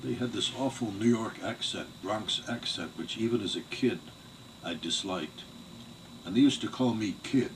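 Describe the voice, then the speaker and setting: An older man giving an oral history interview, telling family memories in a measured, digressive way. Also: on the low side. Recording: distant mic with faint background noise.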